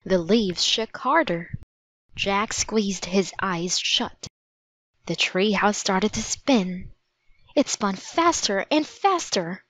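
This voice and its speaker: A woman reading a children's storybook aloud in a gentle, measured way. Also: mid-range voice, lively intonation, no echo. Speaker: narrator. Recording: dry, slightly dull audiobook recording.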